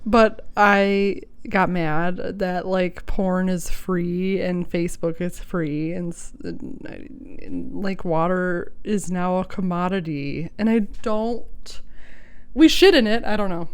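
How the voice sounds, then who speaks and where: A woman co-hosting a podcast in casual chat, animated and laughing, sometimes bursting out loudly, close to the mic. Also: fairly low pitch, takes it slowly, smooth. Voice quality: animated, laughing, prone to loud outbursts. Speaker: podcast co-host.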